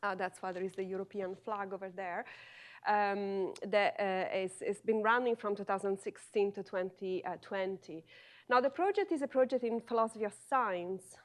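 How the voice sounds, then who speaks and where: A woman in her forties with an Italian accent gives a university lecture. She speaks slowly and carefully and often pauses on filler sounds. Her voice sits at a middle pitch. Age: 40s. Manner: deliberate and slow, with frequent "uh" fillers. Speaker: guest lecturer, philosophy professor. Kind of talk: academic lecture.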